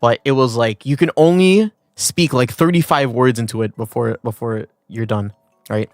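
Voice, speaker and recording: A man's voice: medium pitch, normal speed, no room sound. A man streaming, telling a long story in a casual rambling way, full of fillers and restarts. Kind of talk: casual chat.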